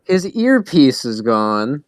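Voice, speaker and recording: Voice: mid-range voice, very animated, slow, no room sound. A game master narrating a tabletop role-playing game, hesitant with fillers and frequent laughs.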